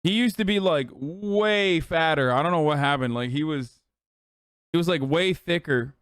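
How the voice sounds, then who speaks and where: Profane sarcastic streamer ranting. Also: male voice, on the high side, fairly bright tone, smooth, no echo, studio quality. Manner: profane, sarcastic, fast rants. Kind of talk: political commentary stream.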